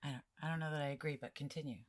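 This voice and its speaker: Woman podcast host, deep-voiced, casual, encouraging interviewer. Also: fairly even intonation, racing. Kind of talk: casual chat.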